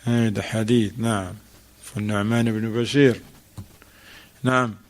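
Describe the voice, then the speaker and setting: With a fairly low, steady voice and a slow pace, a man holds an informal religious class in a mosque. He converses with students in English that isn't his native tongue, posing questions and repeating their responses.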